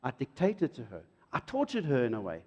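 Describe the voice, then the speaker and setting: A middle-aged man, preaching a sermon in an animated way and acting out quotes. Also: brisk, slightly rough, highs cut off. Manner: animated, jumps to loud high emphasis and acts out quotes. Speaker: pastor. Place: church hall. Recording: reverberant church hall.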